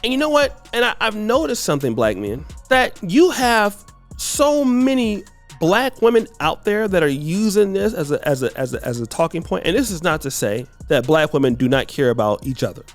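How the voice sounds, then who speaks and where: A man's voice: sits high, very animated, normal speed, faint music behind. A man hosting an opinion commentary, talking emphatically and repeating himself as he builds his points. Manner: emphatic, repetitive, conversational. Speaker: commentary channel host.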